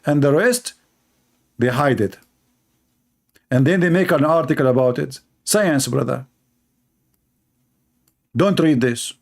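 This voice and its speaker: A man's voice: on the high side, a little slow, vocal fry, pauses often. A man giving a sarcastic, mocking religious polemic in non-native English. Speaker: religious debater. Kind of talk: polemical monologue.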